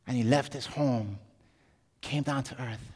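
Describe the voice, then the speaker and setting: A man preaching a sermon, telling a story that swings from loud, joking asides to hushed intensity. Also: medium pitch, unhurried, breathy edge. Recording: long hall reverb.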